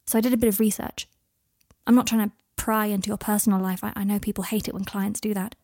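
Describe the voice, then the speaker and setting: A woman voicing a kind, earnest young male wizard who speaks gently and reassuringly. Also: mid-range voice, flat delivery, quick pace, no echo, clean studio sound, close to an everyday voice.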